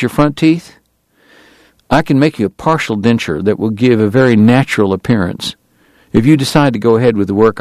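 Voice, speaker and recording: A man voicing a formal, long-winded gentleman dentist and gambler with a Southern drawl, verbose and precise. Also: lowish voice, no room sound, lightly acted. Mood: measured. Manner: verbose, precise and courtly, prickly about his honor.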